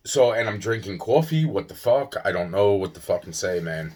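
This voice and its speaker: A man's voice: deep voice, expressive, moderate pace, few pauses, a little mellow. A young man rambling on in a casual monologue, swearing often, yawning and tired. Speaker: vlogger.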